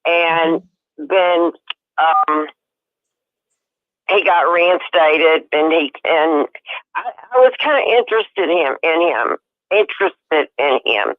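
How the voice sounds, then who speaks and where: A woman caller telling a personal story over the phone, emphatic and growing loud and heated. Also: low-pitched, lively intonation, takes it slowly, no room sound. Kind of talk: personal story on a call-in show. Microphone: telephone. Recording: tinny phone line.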